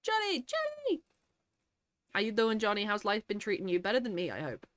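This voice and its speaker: A woman's voice: mid-range voice, fast, a bit bright, dry recording. A woman streaming a game, chatting casually, reading her chat aloud and laughing often, sniffly and teary. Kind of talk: casual live-stream chat while gaming.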